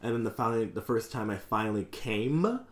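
A man's voice: lowish voice, animated, fairly quick. A man co-hosting a podcast, chatting casually and candidly about a film, joking and swearing freely. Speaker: podcast co-host.

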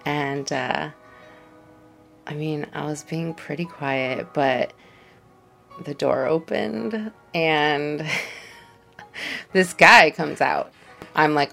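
Slow, gravelly-voiced young woman. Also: low voice, a bit bright, faint music behind. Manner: chatty, lots of "like" fillers. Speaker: podcast host. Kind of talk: casual storytelling.

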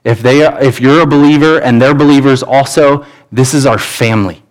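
A man's voice: mid-range voice, normal speed, poor audio. A man in his thirties, a pastor, preaching a sermon in an earnest, conversational way with frequent restarts. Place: church sanctuary.

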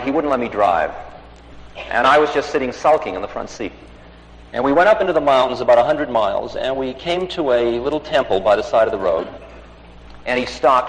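A man's voice: medium pitch, a bit bright. A man recounting a personal story in a recorded talk, acting out the voices of the people he quotes. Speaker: spiritual teacher telling a story. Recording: echoey hall recording with faint noise.

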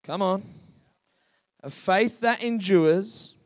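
High-voiced male pastor preaching. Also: takes it slowly. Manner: preaching with rising calls to the congregation. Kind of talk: sermon.

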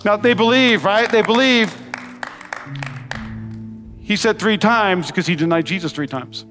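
A man preaching in a very high, bright and forceful voice, swinging between excited peaks and quieter lows as he acts out the story. His sermon rings through a large church hall with a long reverb, and faint music plays underneath. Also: unhurried, a faint crowd. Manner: animated, acts out quotes in character voices. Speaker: pastor.

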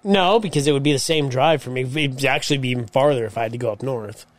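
A man's voice: medium pitch, no room sound. A man co-hosting a casual podcast chat, giving blunt, profane answers. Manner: blunt, profane, quick replies. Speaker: podcast co-host.

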